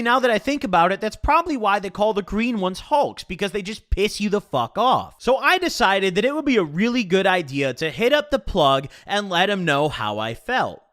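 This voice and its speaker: A man casually telling a personal story in a profane, slangy, animated way. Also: sits high.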